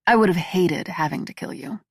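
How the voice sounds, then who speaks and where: A woman's voice: fairly low pitch, brisk, slightly rough, no room sound, clean studio sound. Woman voicing a blunt, tough woman assassin. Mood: blunt, forceful.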